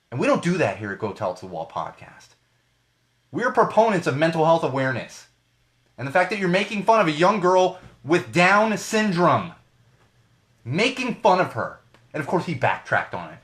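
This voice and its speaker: A man's voice: a little high, big pitch swings, normal speed, a bit bright. A man hosting a podcast live stream, ranting about the news in a profane, heated way and repeating phrases for emphasis. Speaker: podcast host. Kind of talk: solo live-stream rant. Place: small home studio.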